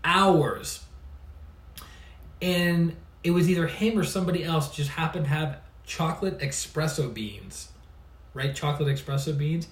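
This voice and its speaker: A man's voice: a little high, unhurried. A man working as an energy healer and coach, telling stories in casual livestream chat and laughing often. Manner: chatty, laughs often, restarts phrases. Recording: roomy sound, mic at a distance.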